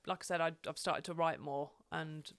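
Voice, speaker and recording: A young English woman chatting as a podcast guest, her voice smooth and resonant. The sound is close and dry, and she talks in an easygoing way with hesitant fillers. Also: sits low, fairly even intonation, normal speed, dry recording. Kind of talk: casual chat.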